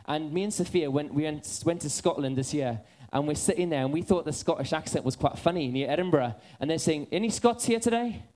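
A man preaching a sermon, telling funny stories about himself and then easing into soft, earnest appeals. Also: on the high side, a little fast, few pauses. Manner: animated storytelling, drifting into soft earnest appeals.

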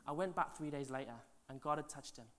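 Animated pastor preaching. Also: male voice, a little high, fast, crowd noise. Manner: animated, swings between loud and hushed; chatty, asides to the congregation. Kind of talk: sermon storytelling.

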